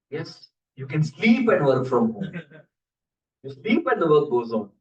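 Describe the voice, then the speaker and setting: A man's voice: fairly high pitch, very animated, slow, highs cut off. A man giving a scripture class as a sermon, telling stories with playful, joking asides to his audience. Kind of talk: sermon storytelling. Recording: roomy hall, voice from a distance.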